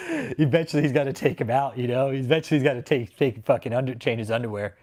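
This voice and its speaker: A man's voice: medium pitch, sing-song, fast talker, darkish tone. A man hosting a livestream, ranting in a mocking, profane way, often breaking into laughter and rambling. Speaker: livestream host. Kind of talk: casual profane livestream rant.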